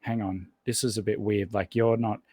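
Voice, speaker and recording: A man's voice: on the low side, flat delivery, moderate pace, mellow, slightly rough, dry recording. A man as a podcast guest in casual conversation, rambling and thinking aloud with lots of restarts. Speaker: podcast guest, language learner.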